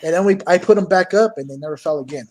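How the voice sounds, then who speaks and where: Animated man telling ghost stories. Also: fairly high pitch, quick pace, a crowd in the background, poor audio. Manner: animated, acts out his own lines with raised voice. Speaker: guest, cryptid hunter. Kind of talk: casual storytelling interview.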